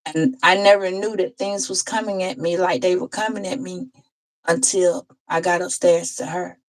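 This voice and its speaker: A woman tarot reader telling an emotional personal story in a heartfelt, conversational way, pausing and restarting as she goes. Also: lowish voice, steady tone, rough recording.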